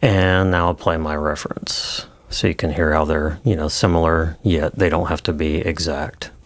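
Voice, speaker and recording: Low-voiced man teaching audio editing. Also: moderate pace, no room sound. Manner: relaxed, hesitant with fillers and restarts. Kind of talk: screen-recorded tutorial.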